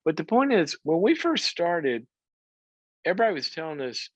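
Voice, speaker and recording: A man telling a story in a motivational talk, animated, laughing often and repeating words as he goes. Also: fairly high pitch, normal speed, no echo. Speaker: psychologist and speaker. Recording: dry, slightly dull sound.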